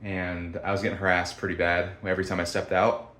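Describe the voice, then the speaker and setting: A man's voice: deep voice, little pitch movement, brisk, fairly bright tone. A young man telling a story to camera in a rambling, blunt, profane way with many restarts. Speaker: vlogger. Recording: echoey room.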